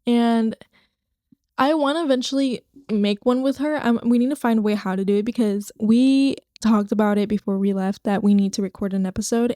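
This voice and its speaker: A woman's voice: on the high side, mellow, no room sound, clean studio sound. A young woman hosting her own podcast, rambling casually and swearing now and then into a microphone at home. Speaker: podcast host. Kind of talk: casual solo podcast chat. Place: home, recording to her computer screen.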